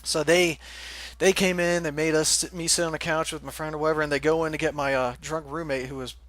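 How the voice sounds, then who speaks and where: A man's voice: fairly high pitch, steady tone, quick pace, fairly bright tone, no room sound, faint music behind. A young man casually telling a rambling story, laughing often and swearing freely. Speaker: forum moderator telling a story.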